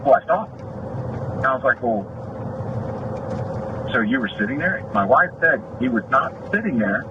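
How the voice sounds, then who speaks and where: A man's voice: mid-range voice, expressive, measured pace. A man, an off-duty deputy, retelling a dispute in an aggrieved way, recorded in a vehicle. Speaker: off-duty deputy telling a complaint. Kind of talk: recorded personal account. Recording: muffled noisy video audio.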